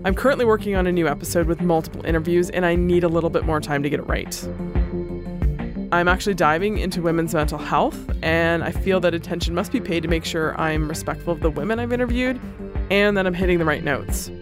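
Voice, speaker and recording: A woman hosting a podcast, chatting casually and retelling stories with plenty of "like" and quick restarts. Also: fairly low pitch, over music. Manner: chatty, lots of "like", lively retelling. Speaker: podcast host.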